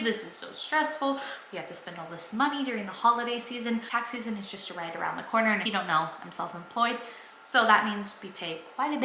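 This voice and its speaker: A woman's voice: medium pitch, creaky, pushed and bright, roomy sound, slight background noise, low-quality recording. A young woman vlogging at home, talking earnestly and enthusiastically about her faith to the camera. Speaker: family vlogger. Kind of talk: casual faith talk to camera.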